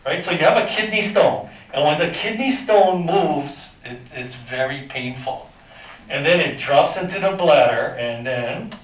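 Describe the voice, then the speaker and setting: A man's voice: fairly high pitch, a bit bright. A man teaching a math lesson to a class, talking informally, quizzing his students and making sound effects. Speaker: high school math teacher. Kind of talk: classroom lecture. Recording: echoey classroom from far off.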